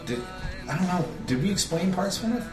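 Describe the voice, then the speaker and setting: A man chatting casually about a movie, telling it as a rambling, animated story with lots of laughs. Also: sits high, brisk, over music. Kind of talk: casual chat, movie talk. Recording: echoey room, from far off, with noise.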